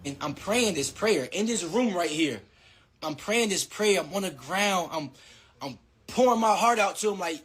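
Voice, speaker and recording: A young man in his twenties ranting profanely in a clip, swinging between loud mocking and low mutters. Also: lively intonation, moderate pace, slightly rough. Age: 20s. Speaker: boxer.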